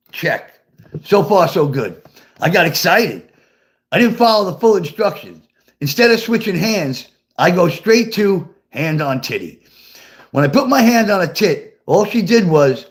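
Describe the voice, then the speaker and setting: An older man reading his own memoir aloud and chatting with viewers, swearing freely and laughing at his own stories. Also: high-pitched.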